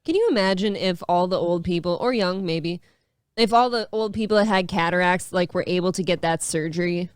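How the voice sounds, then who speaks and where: A man's voice: high voice, fairly quick, clean tone, no room sound, studio quality. A man co-hosting a talk show, chiming in with short agreeing quips in casual comedic chat.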